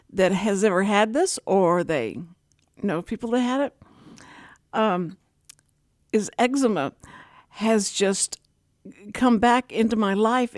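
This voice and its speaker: Lively, rambling woman radio host. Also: mid-range voice, dry recording, clean studio sound. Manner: animated, rambling storyteller. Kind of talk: casual talk radio chat.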